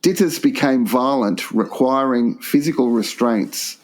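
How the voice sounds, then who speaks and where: A man co-hosting a crude comedy podcast, retelling an odd story in a dry manner and cracking quick jokes. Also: mid-range voice, poor audio. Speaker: podcast co-host.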